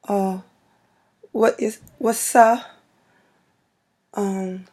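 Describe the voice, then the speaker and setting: A woman with a Brooklyn New York accent, vlogging casually to camera in an unhurried, rambling way with many fillers. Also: medium pitch, darkish tone.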